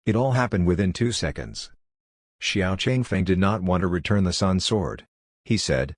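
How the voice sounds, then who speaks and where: Deep-voiced male audiobook narrator. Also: moderate pace, darkish tone, breathy edge, dry recording, studio quality. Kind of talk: scripted narration.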